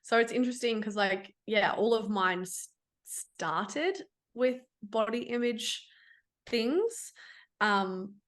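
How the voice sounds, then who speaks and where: A woman's voice: on the high side, expressive, slow pace, a bit bright. A woman who works as an online fitness coach, talking candidly and bluntly as a podcast guest, swearing freely and using lots of fillers. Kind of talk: casual interview chat.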